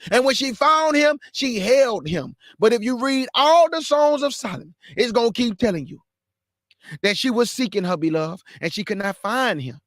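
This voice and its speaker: Fervent high-voiced man preaching. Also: expressive, moderate pace, a bit bright, dry recording, clean studio sound. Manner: fervent, exclaims and calls out to listeners. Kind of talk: fervent scripture reading and preaching.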